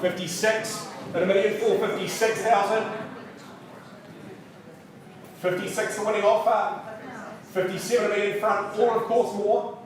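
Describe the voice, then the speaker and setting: A man's voice: high-pitched, little pitch movement, a little slow, pauses often, crowd noise. A man calling a live auction indoors, rattling off bids and teasing the bidders with playful asides. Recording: very echoey room, voice from a distance.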